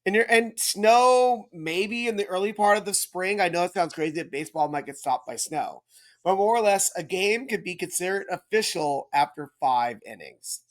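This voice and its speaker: A man's voice: sits high, lively intonation, normal speed. Rambling man explaining baseball rules. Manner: rambling, self-correcting, checks in with listeners. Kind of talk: casual explanatory chat.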